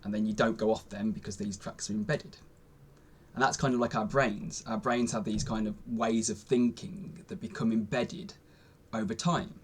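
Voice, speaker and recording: A man's voice: fairly low pitch, steady tone, normal speed, husky. A young man vlogging a casual, rambling monologue, with lots of fillers and restarts.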